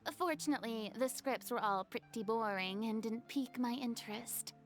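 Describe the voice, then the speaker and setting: A woman's voice: a little high, moderate pace, faint music behind, natural voice. A woman voicing a proud, theatrical young actress in a game, speaking in a haughty, showy way.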